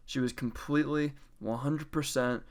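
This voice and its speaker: A man's voice: mid-range voice, steady tone, moderate pace. A young man casually telling a storytime story, chatty and profane, acting out the others' lines in changed voices. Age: young adult. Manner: acts out quoted lines in varied voices.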